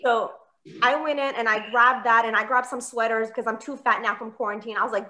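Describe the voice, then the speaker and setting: A woman's voice: on the high side, fairly even intonation, a little fast, sharp tone. A woman in her thirties performing a chatty, self-mocking stand-up set on a comedy club stage, acting out her own quoted dialogue. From Palestinian American.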